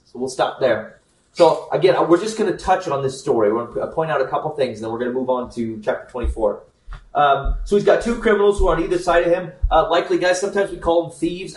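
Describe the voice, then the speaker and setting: A man giving a casual Bible lesson, talking straight to his listeners as "guys", with plenty of ums and restarts. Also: fairly high pitch. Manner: conversational, addresses listeners as guys, frequent ums. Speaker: Bible teacher. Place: church meeting room. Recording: roomy echo, mic at a distance.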